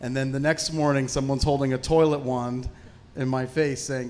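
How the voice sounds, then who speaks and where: A man's voice: medium pitch, level tone, normal speed, a little mellow, a little hiss or hum. A man on a film panel, telling a casual anecdote from his early days on set and laughing as he goes. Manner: laughs while telling the story.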